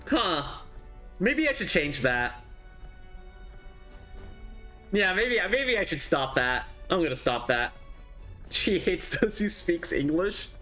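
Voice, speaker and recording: A woman's voice: fairly low pitch, very animated, slow pace, pauses often, bright, forceful tone, soft background music. A woman streaming a video game, chatting casually, laughing often and teasing herself. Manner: giggly, self-mocking, apologetic.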